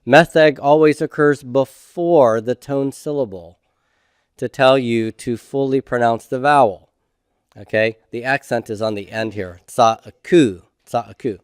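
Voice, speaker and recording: Middle-aged man, patient classroom lecturer, unhurried, dry recording. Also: mid-range voice, clear, resonant tone, no room sound. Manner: slow, methodical, checks in with "okay?". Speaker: Hebrew instructor.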